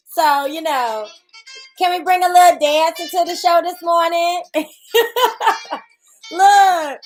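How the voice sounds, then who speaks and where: A chatty woman host with a very high, bright-sounding pitch greets her live viewers one by one. She takes her time, drawing words out at an easy, unhurried pace. Faint jazz plays quietly in the background. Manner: playful and chatty, greets viewers by name, laughs often. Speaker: host of a live morning chat show. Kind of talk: casual live-stream chat. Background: faint jazz music.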